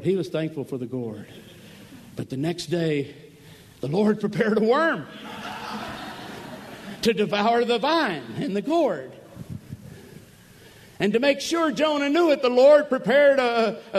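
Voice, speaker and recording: A man preaching a camp meeting sermon, emphatic, swinging from loud cries to low murmurs, acting out quoted voices and calling for amens. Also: slight background noise. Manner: acts out quoted voices, asks the crowd for amens. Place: large church or camp meeting hall.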